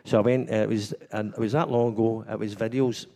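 Scottish man, church testimony, chatty storyteller who laughs a lot, mellow warm tone, echoing hall. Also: on the low side, fairly even intonation, brisk, creaky. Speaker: church member giving testimony. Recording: long hall reverb.

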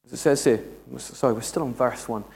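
A man's voice: mid-range voice, fairly quick, creaky, a little mellow. A man preaching a sermon in a humorous, conversational way. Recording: echoey hall.

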